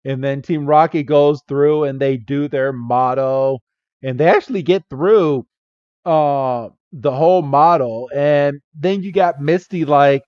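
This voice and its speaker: A man with a fairly high voice and an unhurried, drawn-out delivery, co-hosting a casual podcast recap. He keeps breaking into laughter and jumps into the characters' lines as he retells each scene. The sound is dull and lo-fi, dry and close, with no room around it. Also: smooth, no room sound. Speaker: podcast co-host.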